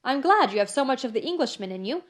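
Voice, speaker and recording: A woman reading the part of a brisk, stubborn, fiercely loyal English maid, speaking emphatically in an audiobook. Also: high-pitched, big pitch swings. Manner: emphatic, brusque.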